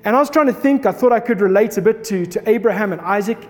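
A man in his thirties delivers a sermon built around a personal story, acting out his own shouts as he tells it. His voice sits high for a man. It rings with the long reverb of a hall, with faint music playing underneath. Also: fast. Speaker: pastor.

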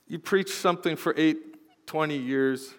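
A man preaching a sermon as pastor, playful and animated, swinging from quiet asides to loud exclamations. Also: on the high side, unhurried. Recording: long hall reverb.

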